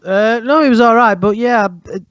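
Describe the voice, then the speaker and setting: Man, high voice, dry lo-fi sound, mocking casual chat. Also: normal speed, a bit bright, dry recording. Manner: blunt, laughing, mocking. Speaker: podcast co-host. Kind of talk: casual movie review chat. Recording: dull lo-fi sound.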